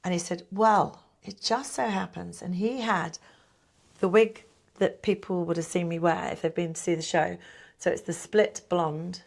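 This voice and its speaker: A middle-aged woman and pantomime performer chatting in an interview, telling lively stories and acting out what people said. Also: on the low side, normal speed. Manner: chatty, animated storyteller who acts out quotes. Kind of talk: casual interview chat.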